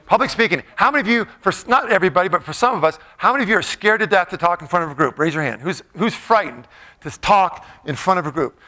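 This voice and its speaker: Bright, high-voiced playful male speaker. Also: expressive, fast. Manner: playful, joking, asks the crowd questions. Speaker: motivational speaker. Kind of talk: live talk to an audience.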